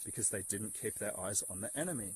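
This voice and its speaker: A man's voice: lowish voice, expressive, fast talker, background noise. A man delivering an impassioned, preachy monologue to his followers, swearing and repeating himself to drive points home. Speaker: social media commentator.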